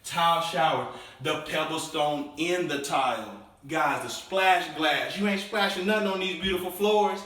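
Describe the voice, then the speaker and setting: Upbeat home-tour host in echoey house. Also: male voice, unhurried, sharp tone, distant mic. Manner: enthusiastic salesman pitch, addresses viewers as guys. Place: inside a show home, bare rooms. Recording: very echoey room, voice from off the mic.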